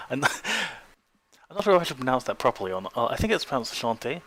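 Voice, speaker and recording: A man's voice: mid-range voice, sing-song, fast talker, pushed and bright. A man with an Australian accent chatting casually on a stream, laughing often and making self-deprecating asides. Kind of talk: casual stream chat between read lines.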